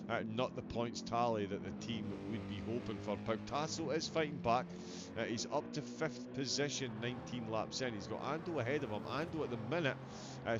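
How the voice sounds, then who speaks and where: A man calling a sim race as co-commentator, chatty and quick to poke fun at himself. His voice comes through slightly dull and muffled, with clear background noise under it. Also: mid-range voice. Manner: chatty, self-deprecating, jokey.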